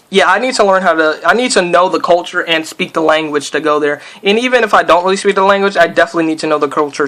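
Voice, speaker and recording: A man's voice: fairly high pitch, sharp tone. A man from the United States giving loose, rambling commentary over his own gameplay, with lots of fillers and sudden yelps. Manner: breaks off into startled yelps at the game. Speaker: let's player.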